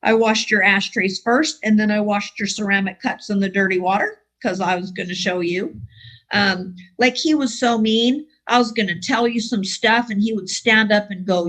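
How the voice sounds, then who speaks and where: Over rough video-call audio from her home, a middle-aged woman tells her recovery story at a moderate pace. Her mid-range voice has a fairly bright tone, and she pokes fun at herself with wry, dry humor.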